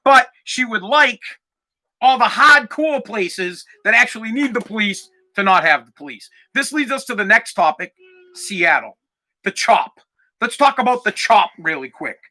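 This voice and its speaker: A man hosting a podcast, delivering a heated, profane rant that sometimes rises to shouting. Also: sits high, expressive, normal speed. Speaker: podcast host. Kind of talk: ranting podcast monologue.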